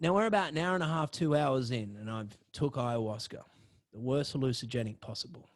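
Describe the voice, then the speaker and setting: A young man, hosting a podcast and telling a story in a profane, excitable way. His voice swings from low mutters to loud outbursts. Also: fairly quick. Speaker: podcast host. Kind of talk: storytelling monologue.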